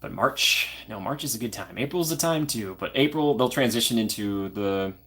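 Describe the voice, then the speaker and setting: A man's voice: fairly low pitch, animated, normal speed, a bit bright. A young man from Minnesota hosting a casual live stream, chatting and answering viewer comments by name. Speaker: livestream host.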